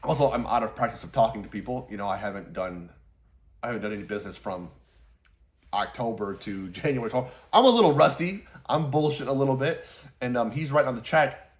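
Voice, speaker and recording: A young man with an ordinary mid-range voice tells a business story in a relaxed vlog. He rambles with plenty of fillers, laughs often and swears casually. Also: medium pitch, brisk. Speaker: lawn care business owner.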